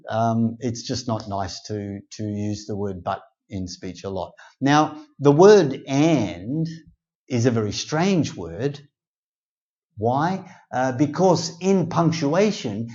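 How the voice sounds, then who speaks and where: A man teaching English grammar in a casual spoken lesson, slow and deliberate, with many pauses and fillers. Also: mid-range voice, animated, darkish tone. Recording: slightly dull, lo-fi sound.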